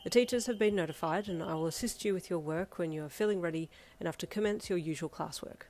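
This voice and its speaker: A woman's voice: on the low side, fast talker, a little mellow, lightly acted. A woman voicing a polite, earnest teenage boyfriend who speaks in stiff, formal sentences in a fan fiction audio reading. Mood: gentle.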